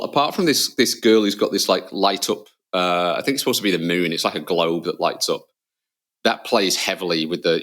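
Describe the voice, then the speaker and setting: Animated storytelling man, low voice. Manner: animated storyteller, acts out scenes with loud shouts. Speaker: podcast co-host. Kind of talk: casual chat.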